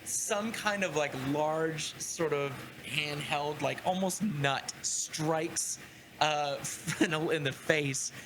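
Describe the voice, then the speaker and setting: A man narrates a tabletop game as game master, in loose, rambling descriptions broken up by laughter. His voice sits slightly high, with a steady hiss behind it. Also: slow pace.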